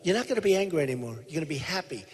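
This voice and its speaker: A presidential candidate at a rally speaks emphatically in a large theater hall, the reverb filling out his slightly high male voice. Very animated and rapid-fire with a breathy edge, he boasts, repeats himself, and imitates the people he quotes during this onstage conversational speech.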